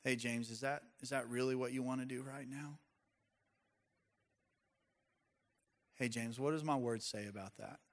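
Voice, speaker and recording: A man voicing a gentle, loving male divine spirit who speaks softly and coaxingly. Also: mid-range voice, steady tone, a little fast, pitched below the performer's own voice, close to an everyday voice. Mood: tender. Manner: soft, tender, coaxing.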